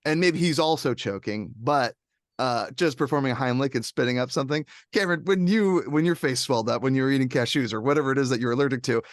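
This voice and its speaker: A man talks through his favorite film scenes with friends, jumping into voices to quote them. His voice sits at a middle pitch. The sound is dry and close to the mic. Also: fast talker, no echo. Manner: animated, laughs often, quotes scenes in voices. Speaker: podcast co-host. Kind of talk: casual movie discussion.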